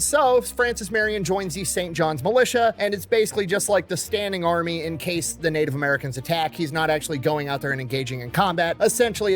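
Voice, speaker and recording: A man telling history in a casual, irreverent, profane way, heard from a played clip. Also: high-pitched. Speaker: history storyteller. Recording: clip played with faint music.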